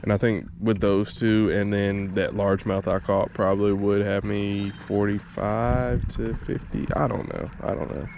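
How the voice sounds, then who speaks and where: A gravelly, low-pitched man, talking casually to the camera from a kayak on a lake. He is excitable and quick to get frustrated, and he mutters to himself. Clear outdoor noise runs under his voice. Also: muffled recording. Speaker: kayak fishing vlogger. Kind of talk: casual vlog talk to camera. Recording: noisy outdoor camera audio.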